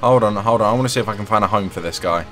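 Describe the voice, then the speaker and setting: A man's voice: lowish voice, very fast, a bit bright, soft background music. A young man giving casual, jokey gameplay commentary, humming and talking to the characters on screen. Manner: chatty, jokey, hums, talks to game characters. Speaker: let's play host.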